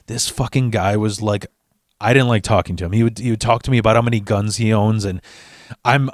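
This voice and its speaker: A man telling a comedic personal story in a rambling, profane, animated way. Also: fairly low pitch, dry recording, clean studio sound.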